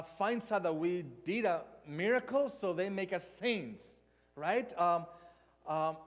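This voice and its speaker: A man's voice: high-pitched, in a large hall. A man with a Hispanic accent preaching a storytelling sermon, acting out little dialogues. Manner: storytelling, animated with mock dialogue. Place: church hall.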